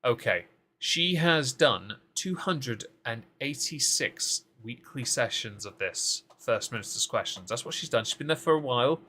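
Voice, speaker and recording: A man's voice: medium pitch, animated, measured pace, pushed and bright. Sarcastic man riffing on politics. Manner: sarcastic, mocking asides. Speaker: co-host of a political recap show. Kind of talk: casual live-stream political commentary.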